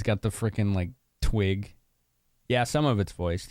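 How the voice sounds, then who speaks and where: A man's voice: fairly low pitch, unhurried, a little mellow, dry recording, clean studio sound. A young man from Chicago streaming a game, chatting casually with viewers and laughing often. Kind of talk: casual live-stream commentary.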